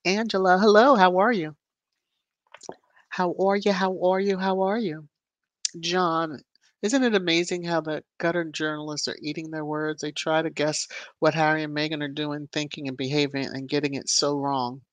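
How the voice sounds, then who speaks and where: A woman hosting a casual livestream, chatting and greeting viewers by name with lively rises in her voice. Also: low voice, normal speed, no room sound. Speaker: livestream host. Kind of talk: casual live chat reading viewer comments.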